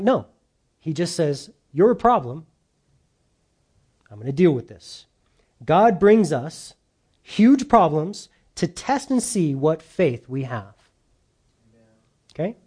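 A man's voice: sits high, a little mellow. A middle-aged male pastor giving an earnest, conversational sermon, often restarting his sentences as he explains a scripture passage. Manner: conversational, earnest, self-interrupting.

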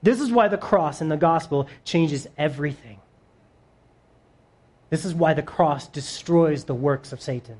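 A man's voice: a little high, unhurried, a little mellow, slightly rough. A male pastor preaching a sermon in a casual, emphatic way, breaking down a Bible passage.

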